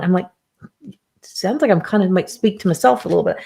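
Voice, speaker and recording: A woman's voice: lowish voice, brisk, vocal fry, pauses often, mellow, husky. A woman hosting a live card reading, reading viewer comments aloud and speaking in an emotional, affirming way. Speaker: intuitive card reader hosting a live stream.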